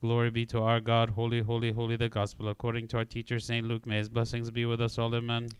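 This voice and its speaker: Man reciting prayers in a flat monotone. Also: medium pitch, smooth. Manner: level, measured recitation. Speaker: prayer reader. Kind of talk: liturgical reading and chant.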